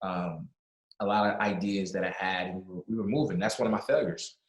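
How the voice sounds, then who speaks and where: A man speaking as a guest in a casual conversation, animated and motivational, often repeating words for emphasis. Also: deep voice, brisk, reverberant, low-quality recording. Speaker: podcast guest. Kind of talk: casual video-call conversation.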